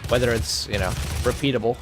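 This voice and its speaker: A man's voice: medium pitch, fairly even intonation, fast, over music. A man co-hosting a gameplay video, rambling earnestly in casual chat and swearing freely. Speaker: let's play co-host. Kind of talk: casual chat while gaming.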